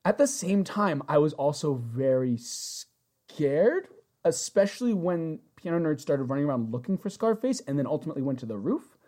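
A woman's voice: deep voice, normal speed. A woman co-hosting a casual chat, recapping episodes and acting out the characters' lines. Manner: animated, acts out characters' lines. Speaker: podcast co-host.

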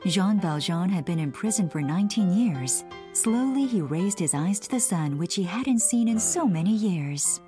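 A woman narrating a storybook in a clear, expressive reading voice. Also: lowish voice, moderate pace, hardly any pauses, faint music behind.

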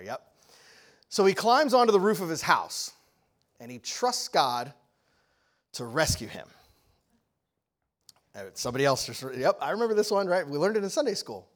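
A man preaching a sermon, telling a story with lively energy and often asking the audience questions. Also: medium pitch.

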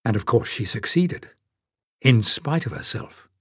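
A man's voice: mid-range voice, sing-song, measured pace, a bit bright, slightly rough, dry recording, studio quality, heavily acted. A man reading an audiobook and voicing an earnest, wary young male hero who speaks with urgency. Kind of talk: audiobook character voice.

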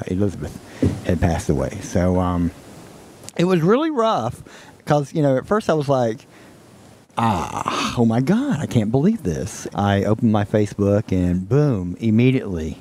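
Halting man, mellow voice. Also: lowish voice. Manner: halting, many fillers and restarts. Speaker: podcast host. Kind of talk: casual chat.

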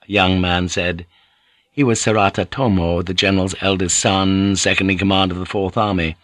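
A man reading an audiobook with measured, even storytelling. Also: low-pitched, no echo. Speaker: audiobook narrator. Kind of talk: scripted narration.

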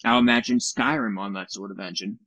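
Low-voiced man in casual gaming chat. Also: steady tone, a little fast, fairly bright tone, dry recording, muffled recording. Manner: rambling, self-correcting, sarcastic. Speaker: podcast co-host.

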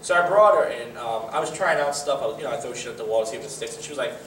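A male comedian in casual chat, telling rambling stories with quick laughs. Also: mid-range voice, expressive, a bit bright. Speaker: comedian, podcast host. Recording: echoey room, mic at a distance, faint noise.

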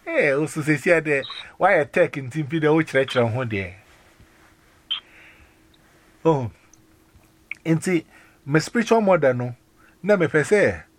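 A man with a Ghanaian accent in a casual phone chat, talking in an animated, rambling way with many restarts and exclamations. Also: a little high, a little slow, pauses often, dry recording. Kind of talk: casual phone chat mixing Twi and English.

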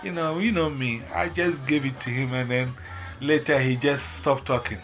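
A man's voice: medium pitch, normal speed, faint music behind. A man with a Ghanaian accent telling a bus story in casual chat, acting out the voices he quotes. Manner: animated, acts out quoted voices. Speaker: storyteller in conversation.

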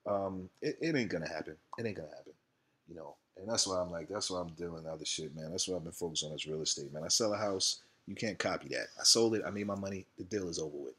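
A video creator vents in a casual vlog about his channel, ranting heatedly and with plenty of profanity, repeating himself as he goes. His voice sits low and is husky and slightly bright, and he talks fast.

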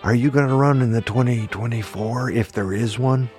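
A man doing a comedic impression of a nervous, rambling elderly male politician, speaking in halting stops and starts. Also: mid-range voice, darkish tone, faint music behind, natural voice. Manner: halting, stop-start delivery. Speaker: podcast co-host.

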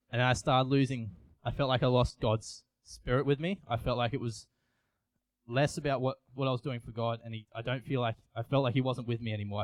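A man's voice: mid-range voice, no echo. Earnest young man preaching. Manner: earnest, confessional, halting with restarts. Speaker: youth preacher. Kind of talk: personal sermon.

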